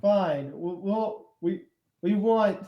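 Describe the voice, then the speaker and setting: A man's voice: high voice, slow, echoey room, dull audio, voice pushed up. A man voicing two bickering, dim-witted male cyclops toll-keepers who trade insults in a tabletop game. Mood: exasperated.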